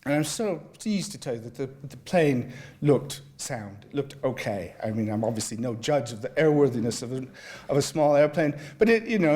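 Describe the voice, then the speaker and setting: A man's voice: mid-range voice, a little mellow. A man giving a talk, telling a humorous travel story and reading a passage aloud in a wry, self-deprecating way. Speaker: guest speaker.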